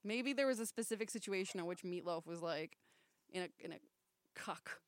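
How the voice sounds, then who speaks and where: A woman's voice: fairly low pitch, moderate pace, smooth, dry recording. A young woman co-hosting a casual chat with friends, blunt and teasing, swearing freely. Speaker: podcast co-host.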